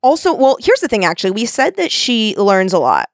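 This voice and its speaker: Lively woman podcast host, dry close mic. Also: fairly high pitch, brisk, no echo. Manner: animated, swearing, laughing often. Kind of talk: casual chat.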